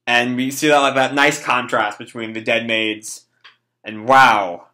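Bright-voiced young man rambling casually. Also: medium pitch, little pitch movement, a little slow. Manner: rambling, swears, many fillers. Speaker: manga reaction host. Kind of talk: casual live reading and reaction.

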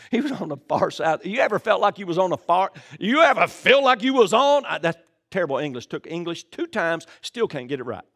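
An older man with a Southern US accent, a pastor preaching a live sermon in a church, folksy and joking, breaking into shouts. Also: high-pitched, very animated, brisk.

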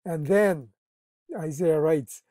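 A man's voice: a little high, takes it slowly, mellow, no echo. A man teaching a Bible study, explaining earnestly, often restarting his sentences and stressing key words.

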